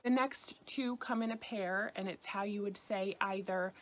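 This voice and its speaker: American woman w/ new york accent teaching french, careful slow clear delivery, friendly lesson vibe. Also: medium pitch, steady tone. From United States. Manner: clear, deliberate, careful over-enunciation of example words. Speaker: French teacher on a video channel. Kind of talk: scripted language lesson.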